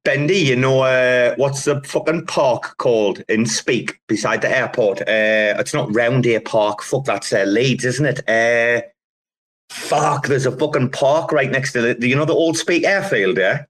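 A man's voice: mid-range voice, unhurried, a bit bright. A middle-aged man telling rambling, profanity-laced stories in a casual online audio chat.

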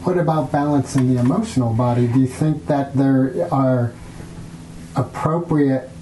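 A man's voice: mid-range voice, warm tone, a little hiss or hum. Curious male interviewer, echoey room. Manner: curious, probing, quick questions. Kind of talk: interview questions. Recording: roomy echo.

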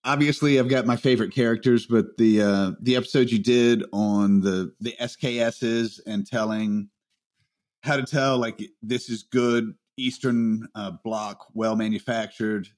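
A man's voice: medium pitch, steady tone, unhurried, a little mellow. A man hosting a podcast in casual chat, self-deprecating and chuckling as he talks. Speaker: podcast host.

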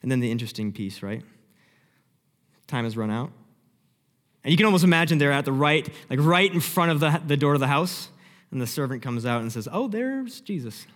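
A young man preaching a sermon, telling the story vividly and acting out the scenes, dropping from loud to hushed. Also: medium pitch, animated, a little fast, pauses often. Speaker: pastor. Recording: long hall reverb.

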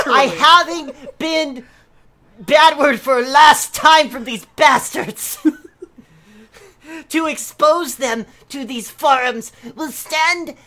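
A pompous, indignant poster in broken grammar, as a woman reads the post aloud. The lines come slow and grand, pitched a little high for a woman, with outbursts of outrage at the sellers. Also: expressive, a bit bright. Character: indignant non-native forum poster ranting about scammers. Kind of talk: dramatic reading of a forum post.

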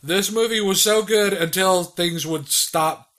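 A man's voice: sits high, a little slow. A man co-hosting a podcast, enthusiastically chatting about films. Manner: enthusiastic, gushing, animated. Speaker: podcast co-host reviewing films. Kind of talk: casual chat.

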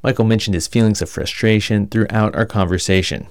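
A male reporter reading scripted narration in a measured way. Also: fairly low pitch, clean tone, dry recording, studio quality. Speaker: radio reporter.

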